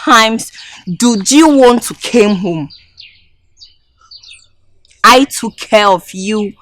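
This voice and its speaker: A woman's voice: on the high side, very slow, a bit bright, dry recording. A woman with a Ghanaian English accent acting a comedy skit as a canteen cook, scolding and demanding in broken English.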